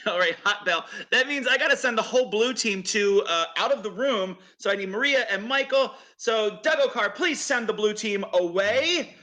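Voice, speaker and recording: Upbeat male improv referee, crisp bright tone, higher register. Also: expressive, normal speed. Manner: upbeat, chatty, laughs often. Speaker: referee and host of an improv match. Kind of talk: game announcing. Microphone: video call.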